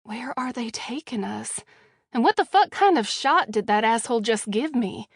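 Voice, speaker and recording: A woman's voice: fairly high pitch, lively intonation, normal speed, breathy edge, no room sound, studio quality. A woman voicing a brash, sarcastic young woman who swears freely, as audiobook dialogue. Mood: demanding. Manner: sarcastic, foul-mouthed.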